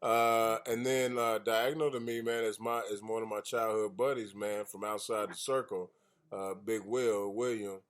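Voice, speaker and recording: A man with a lowish, level voice talks at normal speed while hosting an independent radio show over a video call. His chat rambles loosely and jokingly, full of fillers and restarts.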